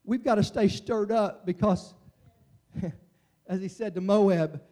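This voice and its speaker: A male preacher with a high-pitched voice delivers a slow, impassioned sermon that swings from hushed tones to near-shouting.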